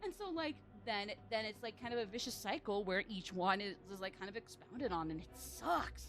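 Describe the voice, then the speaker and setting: A woman's voice: mid-range voice, expressive, normal speed, few pauses, a bit bright, soft background music. A woman streaming a game, chatting in a rambling, jokey way full of fillers. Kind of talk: livestream gaming commentary.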